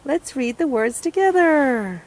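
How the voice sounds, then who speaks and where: A woman teaching young children to read. She speaks slowly and clearly, says each word aloud, then echoes it in a whisper. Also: high voice, lively intonation, a little mellow, a little hiss or hum. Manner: slow, clear, encouraging delivery for young learners. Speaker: reading teacher. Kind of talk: scripted children's reading lesson.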